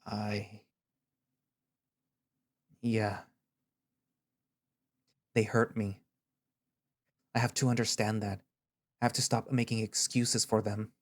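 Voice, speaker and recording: A man voicing a hurting young male fighter who speaks in a hesitant, halting way in an audio story reading. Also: on the low side, steady tone, darkish tone.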